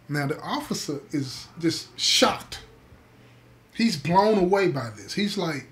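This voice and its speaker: A man's voice: a little high, animated, unhurried, a little hiss or hum. A man telling a story to listeners, emphatic, repeating key words and calling them "y'all". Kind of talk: spoken storytelling to an audience.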